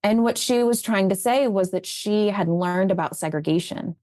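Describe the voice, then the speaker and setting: A woman's voice: mid-range voice, moderate pace, dry recording, studio quality. A woman being interviewed as an educator, telling stories about raising children in an earnest, conversational way. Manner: earnest, animated when retelling conversations.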